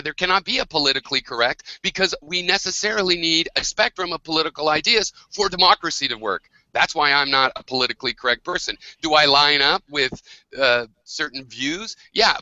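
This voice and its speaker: Very bright-voiced man arguing hard. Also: on the high side, dry recording, muffled recording. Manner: argumentative, swearing, insistent. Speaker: host. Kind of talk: heated online debate.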